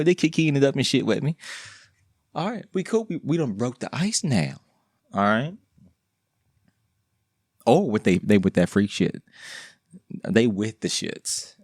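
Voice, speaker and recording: A man with a medium-pitched voice talks by himself on his own podcast, recorded dry with clean studio sound. It's a casual monologue, rambling and slangy, full of jokes and restarts.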